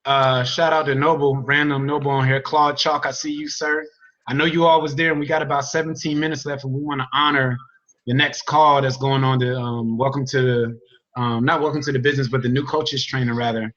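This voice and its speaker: A man's voice: mid-range voice, fairly even intonation, brisk. Upbeat man hosting a call. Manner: hype, shout-outs, upbeat. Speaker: call host. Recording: dull lo-fi call audio.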